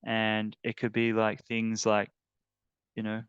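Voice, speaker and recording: A man teaching an emotional tapping technique, talking in a halting, earnest way with many fillers. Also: on the low side, completely flat delivery, a bit bright, smooth, no room sound, lo-fi sound. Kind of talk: guided tapping demonstration.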